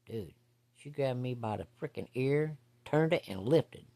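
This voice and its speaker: A man recounts his own story in a casual, unpolished way. His voice has a rough, gravelly edge and sits at an ordinary middle pitch. He talks bluntly and folksily, with plenty of salty language. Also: expressive, measured pace, dark tone. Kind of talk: casual first-person storytelling.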